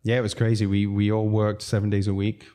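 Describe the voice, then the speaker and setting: A man's voice: lowish voice, fast. A middle-aged man, a restaurateur guest on a podcast, telling casual stories and laughing his way through them. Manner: laughs through lively anecdotes. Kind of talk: casual storytelling.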